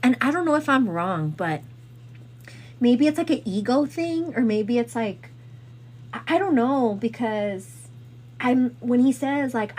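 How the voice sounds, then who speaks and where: A woman host retelling a story in casual chat, rambling and animated, with lots of fillers. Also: fairly high pitch, a little slow.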